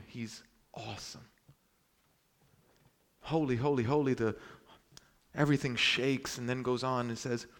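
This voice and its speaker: A male preacher from Brooklyn delivering a sermon in an animated storytelling manner. His voice sits at an everyday pitch for a man, and he moves between near-shouted emphasis and low, hushed asides. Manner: animated storytelling, swings between loud exclamations and hushed lines.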